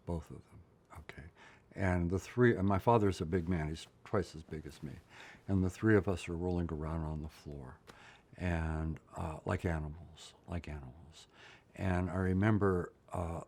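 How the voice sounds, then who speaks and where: An older man with a very deep, husky voice tells his own story to an interviewer. He is blunt and emotional, and often checks in with "right?". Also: darkish tone. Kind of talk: candid personal storytelling.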